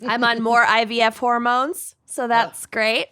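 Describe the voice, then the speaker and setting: A woman's voice: fairly high pitch, level tone, sharp tone, smooth, no echo, clean studio sound. A woman co-hosting a casual chat podcast who laughs often and draws out her words. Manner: laughs often, drawn-out delivery. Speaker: podcast co-host.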